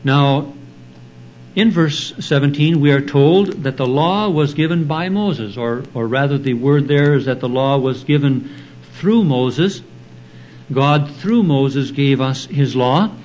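A man preaching an expository sermon, explaining Bible verses in a slow, deliberate teaching manner. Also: a little high, a little mellow, muffled recording. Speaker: pastor.

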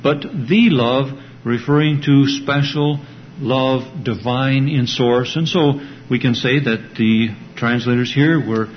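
A man teaching a verse-by-verse Bible study lecture, explaining carefully and stressing key words. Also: mid-range voice. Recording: dull lo-fi recording with faint hum.

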